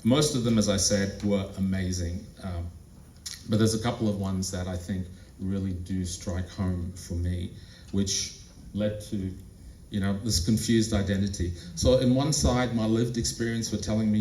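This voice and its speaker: A man gives a talk in a conference room, telling stories in a relaxed conversational way and turning to the audience with questions. His voice sits at an ordinary pitch. It echoes around the room and comes from some way off the microphone, with faint ambience behind. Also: normal speed, a little hiss or hum. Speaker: presenter. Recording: roomy, distant mic.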